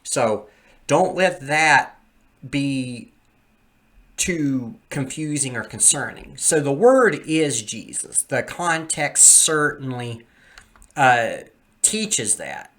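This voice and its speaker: A man's voice: mid-range voice, big pitch swings, takes it slowly, a bit bright. A man hosting a podcast, teaching a Bible passage step by step over a screen share in an explanatory, reassuring way.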